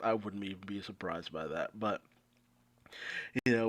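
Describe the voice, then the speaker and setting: A man reviewing a manga chapter in casual, animated commentary, swearing freely. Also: medium pitch. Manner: animated, swearing, fan excitement.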